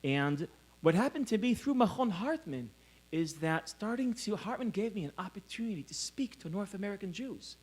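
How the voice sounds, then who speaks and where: A man's voice: sits high, expressive, moderate pace. A middle-aged man who grew up in Israel gives a conference lecture, telling stories about himself and laughing often. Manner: storytelling, self-mocking, laughs often. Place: conference hall.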